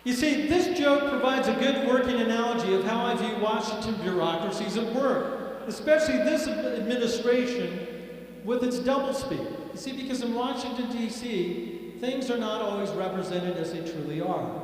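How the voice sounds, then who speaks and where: Sarcastic man speaking in an echoey hall. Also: high voice. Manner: sarcastic, emphatic. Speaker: political speaker. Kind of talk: political speech with jokes. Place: event hall. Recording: echoey hall with long reverb.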